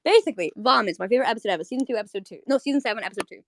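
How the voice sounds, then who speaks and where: A woman's voice: a little high, rapid-fire, a little hiss or hum. A young woman hosting a live audio chat, rambling with many restarts as she recaps a favorite cartoon episode. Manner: rambling, fillers and restarts, excitable. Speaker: host. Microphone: streaming audio mic.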